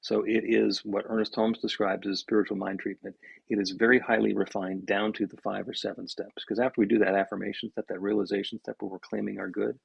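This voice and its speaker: A man with a deep gravelly rasp and a husky edge explains prayer in casual podcast talk. He restarts and repeats his words as he goes. His voice is set close and dry with no room sound. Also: level tone, brisk, no echo, muffled recording. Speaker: minister and podcast co-host.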